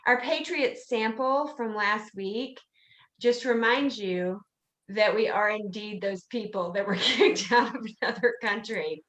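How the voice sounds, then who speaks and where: A woman's voice: medium pitch, measured pace, a bit bright. A woman co-hosting a casual podcast chat, playful and laughing through her lines. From United States. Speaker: podcast co-host.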